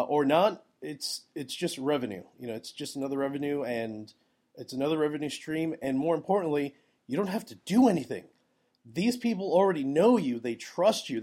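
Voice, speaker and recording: A man's voice: a little high, darkish tone. A man hosting a solo podcast, talking energetically and emphatically about his photography business in a conversational way, with a groggy voice. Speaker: podcast host, wedding photographer. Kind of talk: solo podcast advice talk.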